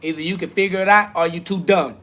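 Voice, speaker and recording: A man's voice: fairly even intonation, fast, pushed and bright. A man hosting a live self-talk podcast, preaching in short repeated slogans and firing back at quoted critics in crude slang. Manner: voice cracks up into high shrieks when heated. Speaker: podcast host.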